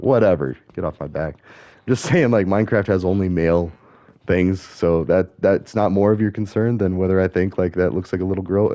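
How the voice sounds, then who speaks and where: A middle-aged man rambles through casual commentary while gaming, drifting between thoughts and catching himself mid-sentence. His voice sits low and mellow, recorded dry and close. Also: fairly quick, no echo, lo-fi sound. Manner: meandering, self-correcting, musing aloud. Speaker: gaming streamer.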